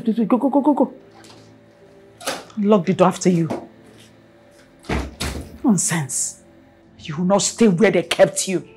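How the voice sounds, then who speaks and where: A woman's voice: on the high side, breathy edge. A Nigerian woman acting a domineering wealthy mother who scolds in repeated bursts. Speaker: mother of the house. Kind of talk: film drama acting.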